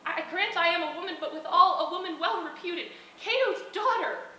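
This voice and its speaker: A woman's voice: high voice, a little fast, bright, forceful tone. A woman playing Portia, a proud noble wife pleading with her husband in an outdoor stage play, with impassioned, rising speech. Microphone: far camera. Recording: distant, echoey open-air stage recording.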